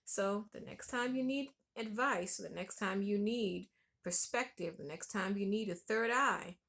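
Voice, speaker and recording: A woman vlogger telling a personal story in a relaxed, conversational way. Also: medium pitch, a little slow, vocal fry. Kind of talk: storytelling vlog.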